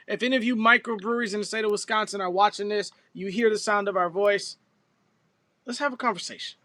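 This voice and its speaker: A man's voice: high-pitched, steady tone, fast, sharp tone. A man co-hosting a casual podcast, joking loosely and teasing his partner. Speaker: podcast co-host. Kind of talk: casual chat.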